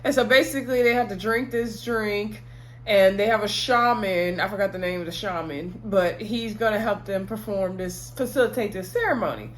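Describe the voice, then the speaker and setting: A woman's voice: mid-range voice, moderate pace, slight background noise. Chatty woman recapping a TV episode. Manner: chatty storytelling, acting out quotes; laughs often while telling. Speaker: TV episode reviewer.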